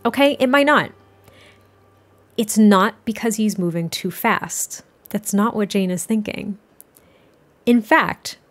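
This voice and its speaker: A woman narrating a life-sim game story in a chatty way, with many fillers and restarts. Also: mid-range voice.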